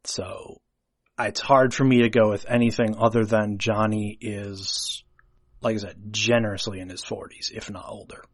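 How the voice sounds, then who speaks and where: A man's voice: lowish voice, fairly even intonation, normal speed, no room sound. A man co-hosting a podcast, talking through a film script in a chatty, analytical way with hesitant fillers. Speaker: podcast co-host. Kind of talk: casual discussion of a film script.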